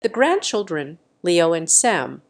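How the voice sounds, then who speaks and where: A woman reading a first-person revenge story as scripted narration, in an even, measured way. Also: lowish voice.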